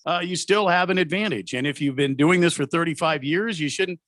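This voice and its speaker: A man co-hosting a talk radio show in a studio, agreeing and explaining haltingly with fillers. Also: on the high side, a bit bright, no echo. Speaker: radio co-host. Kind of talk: sports talk radio chat.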